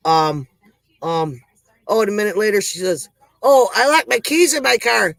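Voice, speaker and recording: A man's voice: high-pitched, lively intonation, normal speed, vocal fry, fairly bright tone, dry recording, full character voice, low-quality recording. A man playing a folksy country woman who hosts a comic joke report, rambling, out of breath and sighing between jokes. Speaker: comedy show host. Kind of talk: comic monologue.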